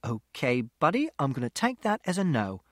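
A man voicing a kind young woman who speaks softly and soothingly to a frightened stranger. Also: mid-range voice, very animated, moderate pace, no room sound, studio quality, lightly acted. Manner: soft, soothing, concerned. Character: gentle young woman with a guitar case.

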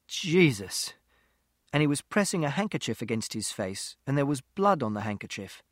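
Man narrating an audiobook, lively pitch. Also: fairly quick, no echo, studio quality. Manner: plain, literal, detail-listing telling. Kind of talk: first-person audiobook narration.

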